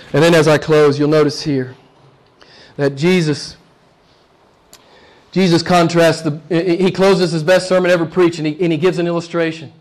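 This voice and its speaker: A pastor delivering a fervent live sermon in a notably high voice. He hammers his points home, calls out to the room for an answer, and swings between loud declarations and quiet, almost hushed asides. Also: moderate pace. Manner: emphatic, calls out to the congregation for responses.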